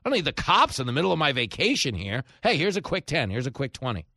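A man's voice: medium pitch, sing-song, fast, pushed and bright, dry recording, studio quality, full character voice. A man voicing a flustered male tourist who hurries to pay his way out of trouble. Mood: panicked. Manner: panicked, apologetic.

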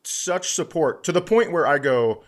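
A comedian co-hosting a podcast, telling a story in casual chat with many restarts and sudden bursts of excitement. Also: male voice, on the high side, moderate pace.

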